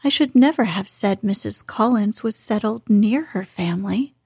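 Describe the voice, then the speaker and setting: A woman's voice: medium pitch, moderate pace, a little mellow, breathy edge, dry recording, clean studio sound. A woman reading as a witty, spirited young lady. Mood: polite.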